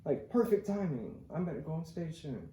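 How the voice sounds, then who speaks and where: Young man hosting a podcast, rambling and animated, with a warm, mellow tone in an echoey room with a faint hiss. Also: a little high, brisk. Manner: rambling, animated storytelling with lots of "like". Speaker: podcast host. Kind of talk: casual storytelling chat.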